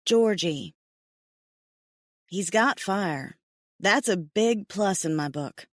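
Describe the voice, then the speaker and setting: A woman's voice: mid-range voice, lively intonation, slow, no echo, clean studio sound. A woman narrating a story in first person with a wry, conversational reading. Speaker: audiobook narrator.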